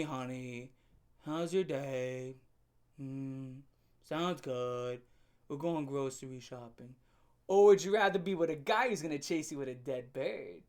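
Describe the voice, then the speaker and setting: Brief: young man, storytime vlogger, brash, crude, joking, rambles. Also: sits high. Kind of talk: storytime rant.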